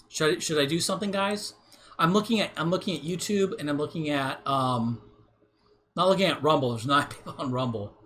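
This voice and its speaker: A man's voice: fairly high pitch, brisk, a bit bright. A young man streaming live, rambling in a casual monologue full of restarts and "right?" tags as he reads and answers chat.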